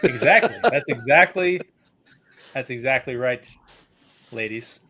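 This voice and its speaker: Host, male, casual book chat, lively and quick to laugh. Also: mid-range voice, breathy edge. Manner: animated, laughs often, reads passages aloud.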